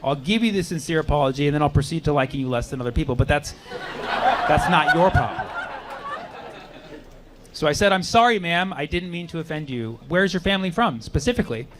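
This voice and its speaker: A man's voice: on the high side, lively intonation, a little fast. A man doing a stand-up comedy set on a club stage, riffing with the audience and punching up his lines. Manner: conversational, riffing with the crowd, loud punchlines. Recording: live club recording with crowd noise and laughter.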